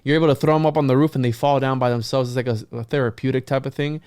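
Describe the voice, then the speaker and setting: A male podcast host in an easy, conversational storytelling mode, his voice smooth and clear at a middle pitch. He gets animated as he acts out quotes from other people. The sound is close and dry, with no room around it. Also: racing, no echo. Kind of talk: casual storytelling to guests.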